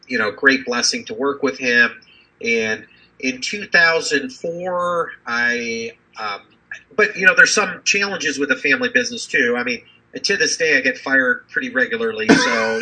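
A man's voice: mid-range voice, sharp tone, low-quality recording. A man in his fifties, a physician and business executive, telling his story in a rambling, conversational interview with many fillers.

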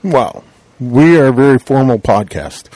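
Jokey Canadian man co-host, animated delivery, casual banter. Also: medium pitch, unhurried, no room sound. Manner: teasing, jokey. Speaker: podcast co-host.

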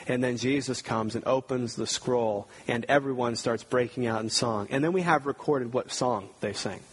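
A man delivering a Sunday sermon in a husky, slightly breathy voice. His delivery is loose and conversational, full of restarts. He swells into emphatic scripture reading at the climax. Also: mid-range voice, low-quality recording. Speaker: pastor.

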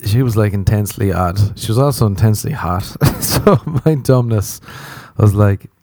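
This Irish podcaster in his thirties rambles casually through a profane, self-deprecating comic bit. His lowish, mellow voice moves at a moderate pace, with no echo.

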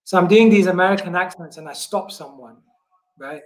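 British man, interview guest, high voice, animated stories, lots of fillers, echoey room. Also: a little fast. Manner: animated storyteller with many fillers and laughs. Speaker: guest, monk and book distributor. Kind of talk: casual interview storytelling.

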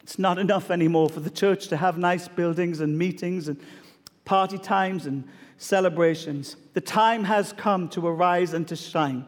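A man's voice: high-pitched, moderate pace, big-room sound. A middle-aged male pastor preaching a sermon, telling stories emphatically and challenging the congregation with rhetorical questions.

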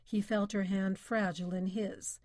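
A woman's voice: medium pitch, level tone, moderate pace, a little mellow, no room sound. Woman narrating a story, dry close sound. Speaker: audiobook narrator. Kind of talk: scripted narration.

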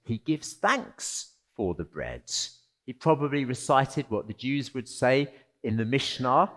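With a mid-range voice and a measured pace, a man preaches as pastor. He stays animated and conversational, posing rhetorical questions to his congregation.

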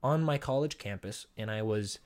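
A man's voice: fairly low pitch, moderate pace, darkish tone. A young man hosting a podcast, telling a comic story in a rambling, profane, self-deprecating way and laughing often. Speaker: podcast host.

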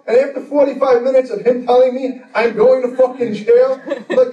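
Laughter rolls through the echoey room as a forties-aged man tells a loose, foul-mouthed story live on stage, relaxed and street-style. His very high voice stays flat and mellow, moving fairly quickly, and the distant mic leaves the sound muffled.

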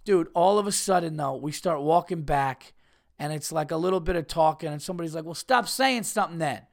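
A man's voice: a little high, a little fast, vocal fry, darkish tone. A man hosting a podcast, telling a rambling, profane story in a casual way and laughing at his own tale. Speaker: podcast host.

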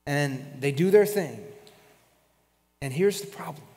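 A man preaching a sermon as pastor, retelling a story with lively acted-out voices. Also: a little high, a little slow, big-room sound. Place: church sanctuary.

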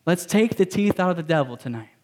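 Higher-voiced man preaching emphatically. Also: lively intonation, fast, a little mellow. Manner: emphatic and repetitive, casual slang. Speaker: pastor. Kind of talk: sermon.

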